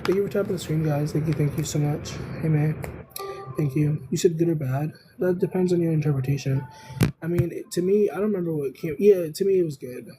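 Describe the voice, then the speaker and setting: A tarot reader hosting a casual live stream, talking in a rambling, unhurried way full of "um"s and "I don't know"s. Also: medium pitch, background noise.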